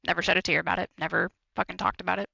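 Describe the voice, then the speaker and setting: A man's voice: sits high, level tone, very fast, vocal fry, sharp tone, no room sound, dull audio. A man co-hosting a podcast, talking candidly and bluntly, swearing freely and repeating himself for emphasis. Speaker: podcast co-host. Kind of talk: candid casual chat.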